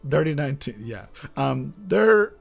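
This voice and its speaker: A man's voice: a little high, sing-song, a little slow, creaky, over music. A man running a solo tabletop game as game master, loose and joking with frequent laughs.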